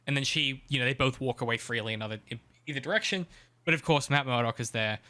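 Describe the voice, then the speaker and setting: A man's voice: mid-range voice, fast, sharp tone. A man co-hosting a podcast in casual chat, chatty and profane with frequent ums. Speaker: podcast co-host.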